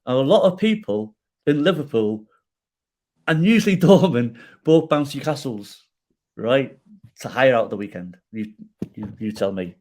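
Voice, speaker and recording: Animated middle-aged man telling a story. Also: mid-range voice, measured pace. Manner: animated storyteller who acts out quoted dialogue and tags lines with "right?". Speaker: podcast guest. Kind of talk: storytelling in a podcast interview.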